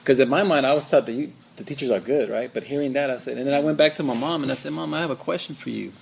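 A man's voice: medium pitch, very fast, gravelly, a little hiss or hum. A man from California telling a personal story in a group discussion, conversational, often checking in with "right?". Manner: conversational, says "right?" and "you know" often.

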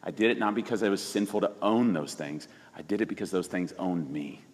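Speaking briskly in a low voice within a large hall, a pastor in his forties relates a personal story. The tone is casual yet animated and emphatic, and he often starts sentences over.

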